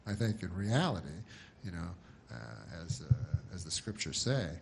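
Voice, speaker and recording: Deadpan, rambling male comedian. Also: low-pitched, normal speed, creaky, background noise. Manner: deadpan, rambling, full of restarts. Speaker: stand-up comedian. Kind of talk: stand-up comedy.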